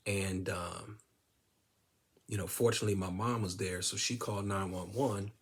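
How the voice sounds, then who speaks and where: A man casually telling a personal story to his viewers, relaxed, with many fillers and quoted bits of dialogue. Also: deep voice, moderate pace, slightly rough. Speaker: vlogger sharing a personal story.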